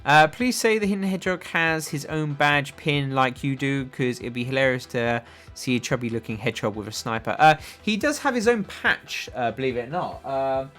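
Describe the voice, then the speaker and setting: A man's voice: fairly high pitch, a bit bright. A young man chatting casually on a livestream, reading viewer comments aloud, rambling with lots of fillers. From England. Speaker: livestream host. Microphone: desk microphone.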